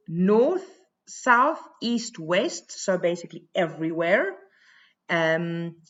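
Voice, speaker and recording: A South African woman teaches a poetry lesson in an unhurried, deliberate way. She explains each point step by step with a chatty, informal manner. The home recording sounds slightly muffled. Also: mid-range voice, a bit bright.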